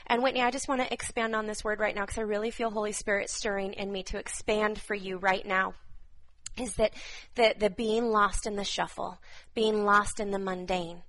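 A woman's voice: medium pitch, level tone, normal speed, rough recording. Woman, 30s, fervent live-stream prophetic minister, repeats key phrases. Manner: fervent, repetitive, with soft laughs. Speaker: prophetic minister giving words to viewers.

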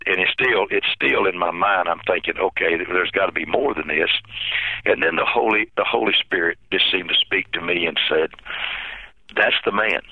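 Pastor, very low gravelly voice, halting and emotional, phone-line sound. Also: male voice, no echo. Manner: halting, repeats himself, emotional. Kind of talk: telling a personal story in an interview.

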